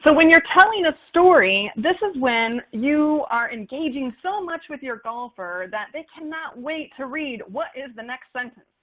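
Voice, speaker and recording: A woman with a fairly high voice teaches in an upbeat, animated way. She acts out playful examples as she explains. The sound is thin and narrow, like it came down a phone line. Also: moderate pace. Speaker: marketing instructor for golf courses. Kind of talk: webinar lesson on copywriting.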